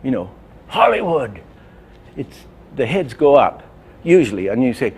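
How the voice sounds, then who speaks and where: A man lecturing on animation, his voice sitting in an ordinary middle pitch. He tells stories and demonstrates ideas, then drops into soft, quiet asides. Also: sing-song, normal speed, long pauses, slightly rough. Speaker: animation teacher. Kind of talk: lecture with acted-out examples.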